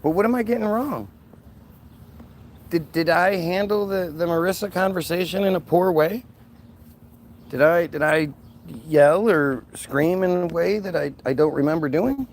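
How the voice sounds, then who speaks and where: Gravelly, combative man ranting on a livestream. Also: on the high side, normal speed, a little hiss or hum. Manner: combative and sarcastic. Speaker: livestream host. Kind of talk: solo livestream rant.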